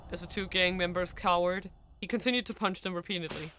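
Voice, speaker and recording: A woman streamer reading a visual novel aloud, narrating in a lower voice and stopping to comment. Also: fast, hardly any pauses, a bit bright, a little hiss or hum.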